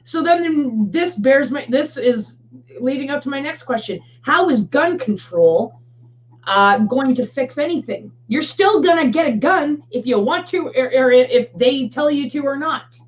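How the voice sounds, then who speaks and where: A woman's voice: high voice, expressive, a little slow. A woman co-hosting a casual live chat, blunt and chatty, swearing freely. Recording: dull lo-fi stream audio with faint noise.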